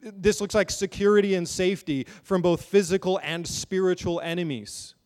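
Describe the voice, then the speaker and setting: A man's voice: sits high, steady tone, moderate pace, a little mellow, big-room sound. A man preaching a sermon from a pulpit in a church, earnest and building emphasis, often repeating words as he goes. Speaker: pastor. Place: church sanctuary.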